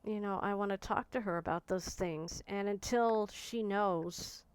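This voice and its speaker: A woman in her forties speaking in a personal, reflective monologue, soft and searching, often pausing and restarting her sentences. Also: mid-range voice, smooth, no echo. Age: 40s. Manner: soft, searching, halting speech with frequent restarts. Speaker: vlogger.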